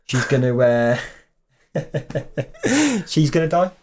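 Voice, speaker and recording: A man in a relaxed casual chat, his voice sitting in a middle pitch. He leads the conversation and tosses questions to his co-host. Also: takes it slowly, slight background noise. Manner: relaxed, leads the questions, says "reckon" and "brilliant". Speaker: podcast co-host.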